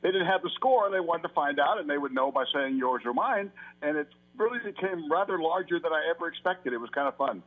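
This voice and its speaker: Older sportscaster on a tinny phone line. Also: male voice, fairly high pitch, lively intonation, fast talker, hardly any pauses. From New York. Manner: long run-on answers with restarts. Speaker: sportscaster guest. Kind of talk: casual radio interview.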